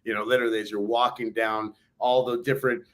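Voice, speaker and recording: Fast-talking low-voiced man chatting. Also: little pitch movement, fairly bright tone. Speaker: podcast co-host. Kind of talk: casual chat.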